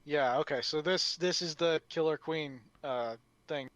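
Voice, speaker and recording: A man's voice: fairly high pitch, measured pace, fairly bright tone, no echo. Tentative man thinking aloud on a podcast. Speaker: podcast co-host. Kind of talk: casual chat about a comic.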